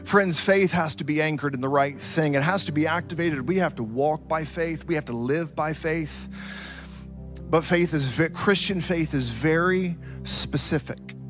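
A man preaching a sermon, telling a story dramatically and swinging from loud to hushed. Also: fairly high pitch, moderate pace, music in the background. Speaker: pastor.

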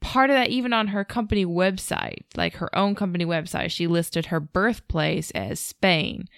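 A woman co-hosting a podcast tells a story in casual chat, her lowish, gravelly voice moving at a moderate pace. She's a chatty storyteller who laughs often and uses many fillers, and the studio recording is clean with no room sound.

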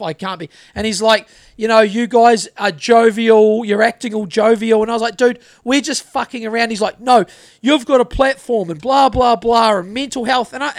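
A man's voice: extremely high pitch, fairly bright tone. A man co-hosting a podcast, ranting bluntly and swearing constantly in casual chat. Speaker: podcast co-host.

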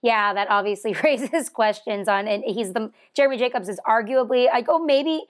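A woman co-hosting a podcast in casual chat, answering in a relaxed, hesitant way. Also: a little high, moderate pace. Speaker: podcast co-host.

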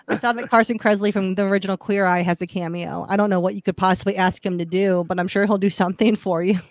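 A woman chatting casually on a podcast, upbeat and quick to laugh. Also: mid-range voice, steady tone, no room sound. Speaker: podcast host.

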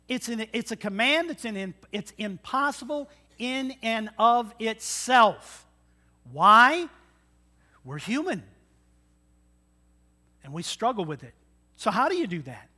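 Guy preaching a sermon, high bright voice, keeps asking the crowd questions. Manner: asks the congregation questions, folksy and earnest. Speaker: pastor.

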